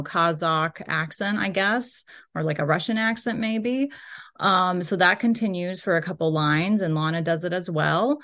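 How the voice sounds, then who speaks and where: Woman lecturer with a lowish voice. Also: gravelly, a bit bright. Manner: explanatory, loose and tentative, often hedging. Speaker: linguistics lecturer. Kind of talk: recorded lecture walking through a transcript.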